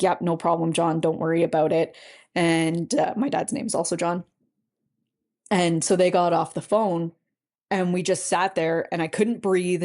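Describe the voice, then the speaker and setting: A middle-aged woman, a podcast guest telling a personal story in a halting, earnest way full of "you know" fillers. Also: lowish voice, darkish tone. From Canada.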